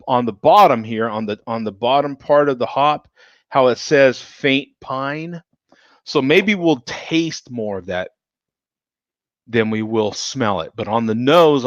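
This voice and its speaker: A man's voice: mid-range voice, dry recording, highs cut off. A man hosting a casual beer review show, thinking aloud as he pours, smells and tastes a beer. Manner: relaxed, thinking aloud while sniffing and tasting.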